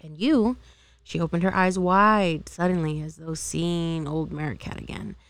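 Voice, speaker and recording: A woman reads a novel aloud in an amateur, unpolished way, now and then tripping and re-reading. Her voice is low and gravelly, with a dry, close sound. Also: fairly even intonation, moderate pace, dry recording. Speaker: amateur reader.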